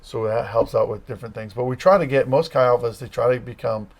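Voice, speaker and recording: A man working as a campus ministry director, answering interview questions in a relaxed, conversational way and explaining things step by step. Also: medium pitch, fast.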